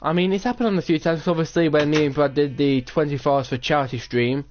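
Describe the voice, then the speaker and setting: A man's voice: fairly high pitch, fairly even intonation, fast talker, highs cut off, a little hiss or hum. A teenage boy, chatting casually and rambling while playing a game, with many "like"s. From England. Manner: rambling, storytelling with lots of "like". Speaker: gaming channel host. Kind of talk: casual gameplay chat.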